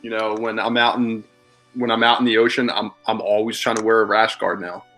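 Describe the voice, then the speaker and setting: A man's voice: lowish voice, flat delivery, a little fast, a bit bright, soft background music. A man in his thirties from Philadelphia, a podcast guest in casual chat, telling rambling, candid stories and swearing freely. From Philadelphia, USA.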